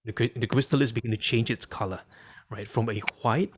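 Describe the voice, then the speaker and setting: A man's voice: mid-range voice, fairly quick, background noise. A man, a coach, telling a story and drawing lessons from it with emphatic repeated phrases. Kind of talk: storytelling talk.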